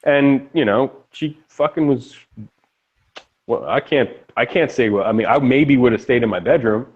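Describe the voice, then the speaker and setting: A young man in casual online voice chat, telling stories in an animated, profane way. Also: mid-range voice, normal speed, breathy edge, phone-quality sound. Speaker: lobby chat regular.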